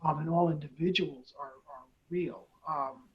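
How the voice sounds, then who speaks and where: A woman's voice: sits low, fairly even intonation, unhurried. Rambling woman host on a dull recording. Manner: rambling, many fillers and restarts. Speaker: host, nonprofit head. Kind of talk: conversational interview. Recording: dull, lo-fi sound.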